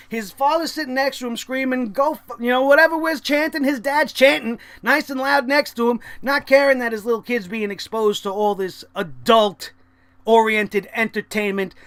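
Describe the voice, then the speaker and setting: A man's voice: very high-pitched, bright, forceful tone. A man reviewing a wrestling show in a profane vlog rant, swearing constantly and getting angry.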